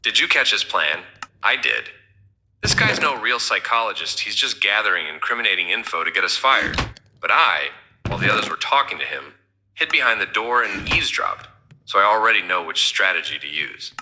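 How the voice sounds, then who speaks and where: A man voicing a servile, sly male office assistant who speaks with mock politeness in an animated story. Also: on the low side, moderate pace, noisy background. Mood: confiding. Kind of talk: scripted character voice.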